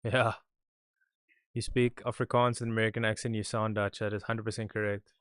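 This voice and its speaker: A man's voice: on the low side, little pitch movement, a little fast, fairly bright tone, smooth, dry recording, clean studio sound. A young man hosting a live watch-along podcast, chatting casually and calling out to his viewers for predictions. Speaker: podcast host.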